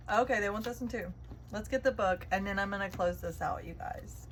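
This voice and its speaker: A woman's voice: medium pitch, fairly even intonation, fairly quick, slight background noise, low-quality recording. A woman giving a chatty, encouraging spiritual tarot reading, often checking in with the listener. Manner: encouraging, chatty, keeps asking "okay?". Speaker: tarot reader.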